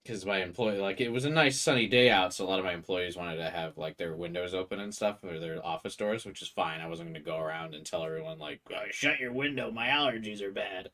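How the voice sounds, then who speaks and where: Speaking fast with hardly any pauses, a young man with a low, slightly bright voice rambles through casual gameplay chat while game music plays. His nose is stuffed up from allergies, and he swears offhandedly and says "like" constantly.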